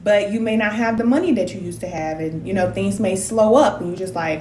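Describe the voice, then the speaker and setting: A woman's voice: mid-range voice, brisk, hardly any pauses, darkish tone. A woman in her forties, a spiritual advisor, chatting casually and at length on a livestream and reading out viewer comments. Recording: roomy sound with faint noise.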